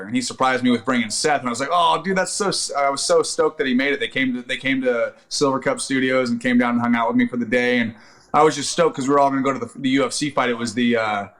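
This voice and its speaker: Fast-talking profane male storyteller. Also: medium pitch, a bit bright. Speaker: podcast guest, actor and Army veteran. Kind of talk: casual storytelling chat.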